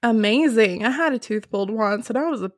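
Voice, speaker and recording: A woman's voice: fairly high pitch, expressive, brisk, a little mellow, no room sound, studio quality. A woman co-hosting a podcast, reading old letters aloud in casual chat, laughing often and swearing freely. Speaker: podcast co-host.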